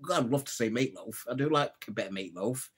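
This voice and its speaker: A man's voice: mid-range voice, lively intonation, fast talker, breathy edge. A man hosting a casual live stream, telling old jokes, reading out viewer comments and laughing at his own punchlines. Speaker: livestream host.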